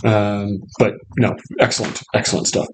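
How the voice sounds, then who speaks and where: A man's voice: on the low side, fairly even intonation, normal speed, noisy background. A man teaching a literature seminar who asks questions, praises answers and keeps adding "right?". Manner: encouraging, asks questions, often adds "right?". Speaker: literature instructor.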